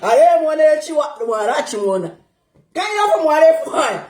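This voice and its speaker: A young woman giving casual political commentary, animated, laughing often and switching between languages. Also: sits high, measured pace, roomy sound, a little hiss or hum. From Zambia.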